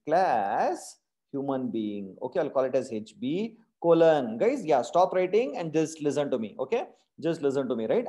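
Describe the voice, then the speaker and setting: Indian English teacher, constantly quizzing. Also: male voice, a little high, mellow. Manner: keeps quizzing students with repeated questions and tag questions; calls his class "my dear friends". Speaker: programming teacher. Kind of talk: live online coding class.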